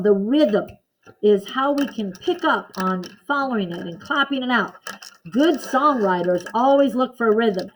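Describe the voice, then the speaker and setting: A woman's voice: fairly high pitch, a little hiss or hum, poor audio. A woman teacher giving a patient classroom lesson to children, counting out beats and checking in with the class. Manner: slow, patient and encouraging, counting beats aloud.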